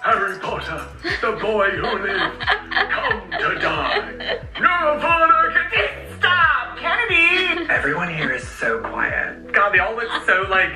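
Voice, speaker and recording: A comedy sketch performer playing a gushing, excited American tourist visiting London. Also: medium pitch, takes it slowly, exaggerated voice. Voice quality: giddy, breathless, gushing. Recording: roomy clip with music under it.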